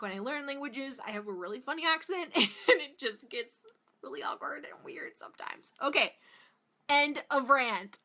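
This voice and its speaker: A woman's voice: high voice, bright, forceful tone. A young woman from Massachusetts with a Boston-area accent, chatting casually through a makeup tutorial and rambling off on tangents with lots of "like". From Massachusetts, USA. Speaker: beauty vlogger.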